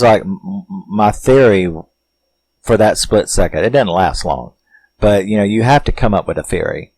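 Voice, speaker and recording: Slow, low-voiced man rambling about movies. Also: darkish tone, dry recording, rough recording. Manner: rambling, profane, chuckling, lots of filler words. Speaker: horror film reviewer. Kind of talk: casual film review monologue.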